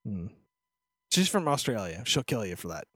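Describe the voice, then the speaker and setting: A man's voice: lowish voice, big pitch swings, normal speed, fairly bright tone, husky, no echo, clean studio sound. A man co-hosting a casual podcast, ranting sarcastically and swearing freely. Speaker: podcast co-host. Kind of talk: casual chat.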